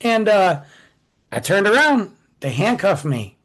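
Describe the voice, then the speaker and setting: A man in his forties, co-hosting a podcast, telling stories in a casual, animated way and acting out the quotes. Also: high-pitched, slow pace, slightly rough, rough recording. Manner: animated, acts out quotes with shifting voice. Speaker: podcast co-host. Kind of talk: casual storytelling chat.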